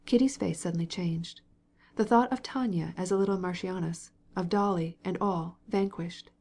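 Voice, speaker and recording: A woman narrating a classic novel as an audiobook, in measured storytelling. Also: fairly low pitch, a little mellow. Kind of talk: scripted narration.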